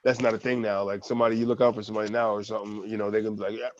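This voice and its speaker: A man's voice: on the low side, little pitch movement, rapid-fire, no echo. Laughing man on a dull-sounding mic. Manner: laughs often, drops into quoted voices, profane. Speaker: podcast co-host. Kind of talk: casual chat.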